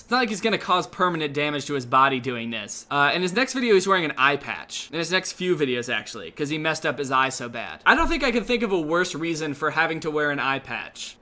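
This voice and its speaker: A man's voice: a little high, animated, brisk, hardly any pauses, bright, forceful tone. A young man in his twenties giving sarcastic, incredulous comedic commentary on online videos. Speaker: commentary host.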